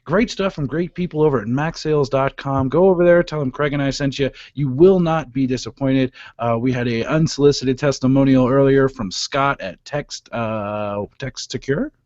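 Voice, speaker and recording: A man hosting a technology radio show with jokey, casual talk and quick sponsor reads. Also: mid-range voice, darkish tone, no echo, highs cut off. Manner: jokey, laughing, fast ad reads.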